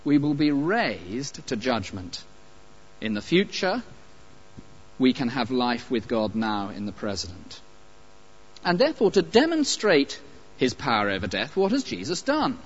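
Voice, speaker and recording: A man preaching a sermon, emphatic and animated, with pauses and light asides. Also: mid-range voice, breathy edge. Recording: dull lo-fi recording.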